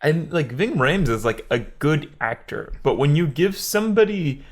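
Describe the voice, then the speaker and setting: A man's voice: fairly high pitch, expressive, normal speed. A man co-hosting a casual movie review podcast, blunt and casually profane. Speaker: podcast co-host.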